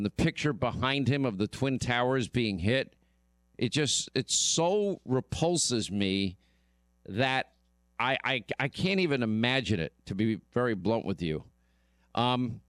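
Emphatic male radio host, smooth voice. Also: mid-range voice, a bit bright, no echo, clean studio sound. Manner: emphatic, repeats himself. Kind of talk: radio talk commentary.

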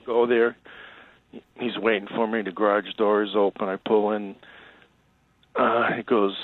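A man's voice: fairly low pitch, flat delivery, measured pace, dry recording. Man telling a story over a tinny line. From Chicago. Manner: rambling anecdote with acted quotes. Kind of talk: casual storytelling.

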